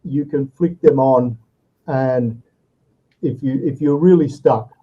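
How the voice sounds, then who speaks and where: A husky, medium-pitched voice speaks slowly, the highs cut off by the video call connection. He's a male English tutor teaching online, patiently explaining and ending points with "okay?" and "all right?"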